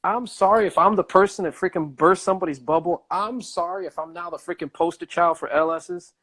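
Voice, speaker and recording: A man vlogging a casual rant, emphatic and animated, repeating himself and swearing. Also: high voice, a little fast.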